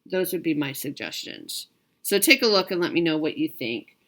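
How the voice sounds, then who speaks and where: A woman's voice: low voice, expressive, normal speed, a bit bright. A woman from the United States hosting her own stitching video, chatting casually to viewers with lots of fillers and restarts. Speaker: cross-stitch video host.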